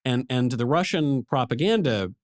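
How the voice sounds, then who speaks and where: Male podcast host, animated pitch, conversational, chimes in with quick agreement, dry close mic. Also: no room sound. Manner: agreeable, interjects short affirmations. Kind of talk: political talk.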